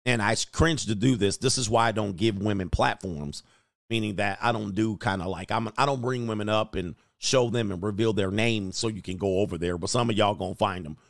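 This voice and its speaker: A man's voice: lowish voice, a little fast, gravelly, no room sound. Brief: male commentary host, crude and blunt, dry close mic. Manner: blunt and crude, riffs off clips. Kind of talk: casual reaction commentary.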